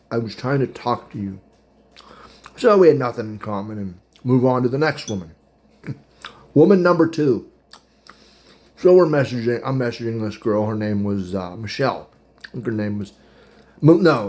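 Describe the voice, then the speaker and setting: A man in his thirties spins a rambling, casual story, stopping now and then to chew his food and chuckle. His voice sits at an ordinary middle pitch, and cutlery clinks and dishes clatter behind him. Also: a little mellow. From Pittsburgh area. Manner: rambling, chatty, laughs at his own story; eating while talking. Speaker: podcast host.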